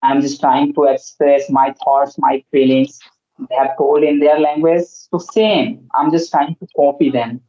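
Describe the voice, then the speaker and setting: A man's voice: mid-range voice, steady tone, unhurried, warm tone. A man chatting earnestly in a casual conversation, speaking learner English with many fillers. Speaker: host. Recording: muffled lo-fi audio.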